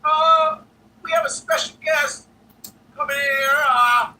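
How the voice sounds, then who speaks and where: A man's voice: very high voice, fairly even intonation, takes it slowly, bright, forceful tone, far from the mic, low-quality recording. A man telling a profane showbiz story on a podcast, acting out the people in it. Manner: profane, acts out other people's voices. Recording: played podcast clip, voice off-mic with faint noise.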